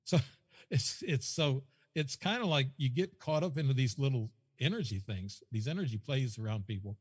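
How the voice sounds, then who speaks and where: Husky man telling a rambling story. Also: mid-range voice, expressive, moderate pace, big-room sound. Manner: rambling, repeats himself, quotes dialogue. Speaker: guest. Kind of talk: casual storytelling.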